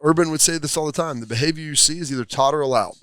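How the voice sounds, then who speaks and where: A man's voice: a little high, very fast, fairly bright tone, clear, resonant tone, dry recording. A man who used to play, now an analyst, explaining football in a folksy way with examples. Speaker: former player, analyst. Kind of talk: casual sports talk. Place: restaurant, live show.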